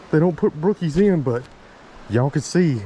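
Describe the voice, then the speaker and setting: A man from Virginia, narrating his fishing outdoors by a creek, excitable and chatty with viewers. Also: fairly high pitch, slow pace. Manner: excitable, exclaiming, talks to viewers as y'all. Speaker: fishing vlogger. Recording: faint stream and outdoor noise.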